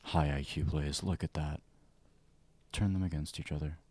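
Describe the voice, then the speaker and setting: A man streaming a survival game as ASMR, whispering and speaking softly into a close mic, now and then flaring up in frustration, with keyboard and mouse clicks behind him. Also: extremely low pitch, fairly even intonation, moderate pace, noisy background. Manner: mostly whispered and soft, flaring into loud frustration. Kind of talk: ASMR gameplay livestream commentary.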